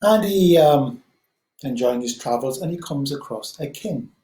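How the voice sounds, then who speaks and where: A man who teaches mindfulness, leading a guided meditation talk slowly and gently, with frequent ums. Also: mid-range voice, animated, echoey room, poor audio.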